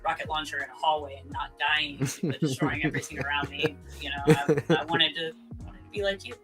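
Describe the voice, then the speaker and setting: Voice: mid-range voice, steady tone, a little fast, over loud music, low-quality recording. A panelist on a casual live stream, enthusiastic and supportive, often repeating words as they start a thought.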